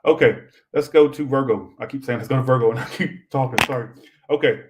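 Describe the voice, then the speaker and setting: A young man does a chatty, rambling tarot reading on a live stream, swearing freely and speaking directly to his viewers. His voice is mid-range and fairly quick, and the audio is very noisy.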